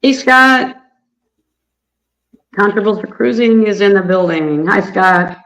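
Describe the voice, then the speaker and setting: A man hosting a casual livestream, hoarse from allergies, friendly and greeting viewers by name. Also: high-pitched, measured pace, a bit bright, rough recording. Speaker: livestream host.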